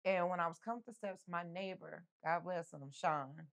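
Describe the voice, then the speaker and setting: A woman's voice: on the low side, normal speed, vocal fry. A middle-aged woman, an interview guest, telling her own story candidly and acting out the people in it. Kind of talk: emotional personal storytelling.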